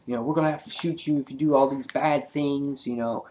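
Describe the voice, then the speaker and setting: A man's voice: medium pitch, steady tone, a little fast, darkish tone, a little hiss or hum, pitched above the performer's own voice, close to an everyday voice. A man voicing casual, exasperated policemen in a slightly raised voice. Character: casual, exasperated street cops, men.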